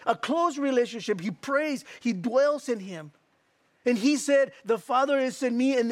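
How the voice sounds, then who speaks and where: A man's voice: very high-pitched, no room sound. A man preaching a sermon, telling a story and then reading scripture in an earnest, repetitive way. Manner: storytelling, repeats words, earnest. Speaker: pastor.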